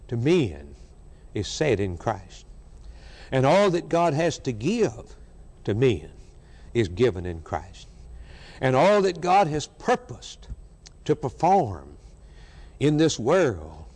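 A man's voice: medium pitch, a little mellow. Fervent preacher man in an echoing hall. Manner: fervent, emphatic preaching with repetition. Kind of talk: sermon. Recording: long hall reverb.

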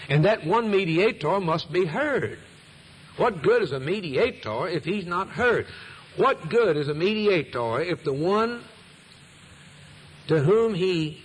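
A man's voice: on the high side, a little hiss or hum, rough recording. A male preacher delivering a sermon in an emphatic cadence, repeating phrases and letting his voice rise and fall for weight.

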